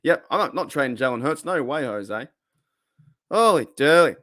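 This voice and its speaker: A man with an Australian accent hosting a casual live stream, rambling and excitable as he reacts to chat. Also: medium pitch, brisk, no echo, studio quality. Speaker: livestream host.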